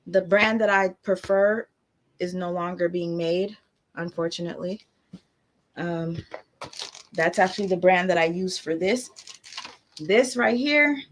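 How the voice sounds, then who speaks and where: A woman's voice: medium pitch, a little hiss or hum. A woman hosting a casual livestream, chatting loosely with her viewers and her baby. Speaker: channel host.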